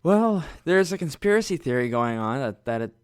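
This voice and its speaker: A man's voice: on the high side, very animated, normal speed, clear, resonant tone, no echo, clean studio sound. A man co-hosting a casual podcast chat, laid-back and joking. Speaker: podcast co-host.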